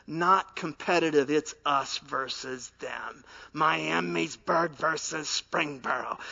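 A man preaching a sermon as pastor, telling stories in an animated way and dropping to soft, earnest tones. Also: on the high side, creaky, muffled recording.

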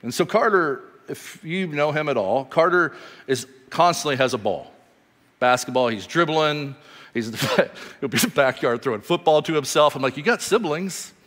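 Pastor preaching in a reverberant hall. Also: male voice, medium pitch, moderate pace. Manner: animated storytelling, swinging from loud bursts to quiet emphasis. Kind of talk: sermon.

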